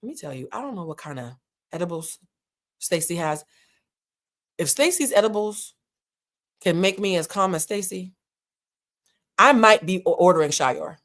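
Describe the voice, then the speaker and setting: A woman's voice: fairly low pitch, expressive, moderate pace, long pauses, a bit bright. Woman host for a chatty reality TV recap, frank and slangy, talks straight to the viewers. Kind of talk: casual commentary.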